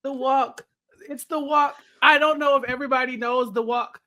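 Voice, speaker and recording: A man's voice: very high voice, steady tone, moderate pace, sharp tone. A man appearing as a podcast guest, gushing with enthusiasm in casual chat.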